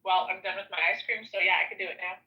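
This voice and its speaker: Woman, young adult, shy, soft-spoken, hesitant, casual chat, lo-fi audio. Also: mid-range voice, steady tone, very fast, slight background noise. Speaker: podcast guest reader.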